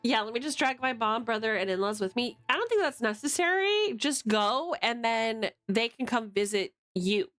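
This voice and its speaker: Loud, chatty American woman streamer. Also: on the high side, no room sound, soft background music. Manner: loud, chatty, swears freely, quick to laugh. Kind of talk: casual livestream chat with viewers. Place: home room at a desk. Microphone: streaming mic.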